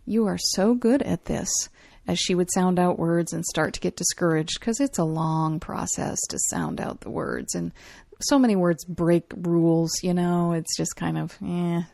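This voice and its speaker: A woman co-hosting a parenting podcast, telling a family story in a lively, chatty way. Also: lowish voice, normal speed, gravelly, no room sound, studio quality. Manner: warm, animated storyteller. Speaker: podcast co-host. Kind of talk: casual chat, storytelling.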